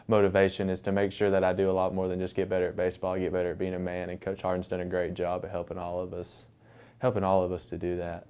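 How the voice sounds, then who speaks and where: A young man giving a short, slightly hesitant acceptance speech. His voice is deep and smooth, and it stays almost completely flat. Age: young adult. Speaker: student athlete award finalist.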